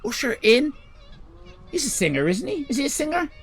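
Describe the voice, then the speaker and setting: An Irish man in his fifties hosting a comic livestream, rambling crudely with sudden shouted bursts. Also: extremely high pitch, sing-song, brisk, a crowd in the background. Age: 50s. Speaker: comedy livestream host. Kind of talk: improvised comic monologue.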